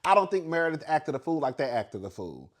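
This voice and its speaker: A man with a slightly high voice talks through a reality TV episode in a loose, gossipy way. He is animated and sassy, swears freely and laughs between points. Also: fast talker, slight background noise. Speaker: reality TV commentator. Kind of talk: casual reality TV recap.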